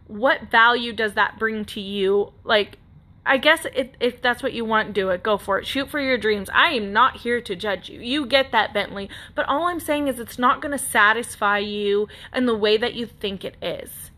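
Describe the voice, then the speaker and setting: A woman's voice: fairly high pitch, moderate pace, sharp tone. A woman in her thirties hosting a podcast, telling a personal story in an earnest, rambling way with frequent restarts. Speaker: podcast host. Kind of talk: casual personal monologue.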